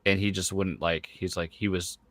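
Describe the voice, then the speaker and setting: A man in his thirties with a low, bright, forceful voice, chatting casually as a podcast host. He rambles along, stuffing his talk with fillers. The sound is dry and close, with no room around it. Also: steady tone, moderate pace, dry recording. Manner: rambling, full of fillers like "like" and "you know". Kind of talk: casual chat.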